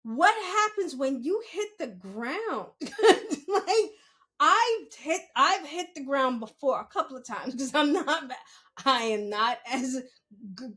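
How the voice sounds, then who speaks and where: A woman's voice: sits high, animated, takes it slowly, fairly bright tone. A young woman podcast host telling a story in a casual monologue, laughing often and swearing freely.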